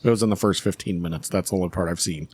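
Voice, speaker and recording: A man co-hosting a casual podcast chat, answering quiz questions and thinking out loud with hesitant guesses. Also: sits low, racing, husky.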